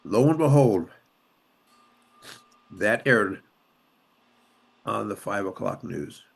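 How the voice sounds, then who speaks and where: A man's voice: on the low side, expressive, slow, creaky, breathy edge. An older man from Los Angeles, a former police officer and city councilman, telling his story with emphatic repetition and strong emotion. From Los Angeles, USA. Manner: emotional retelling, voice rising and dropping sharply. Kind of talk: conversational storytelling.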